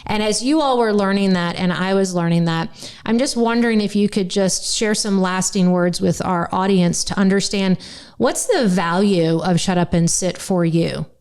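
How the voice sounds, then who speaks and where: Smooth-voiced Southern woman podcast host. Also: mid-range voice, normal speed. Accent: North Carolina Southern. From United States. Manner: earnest, animated, many restarts. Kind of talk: casual podcast conversation.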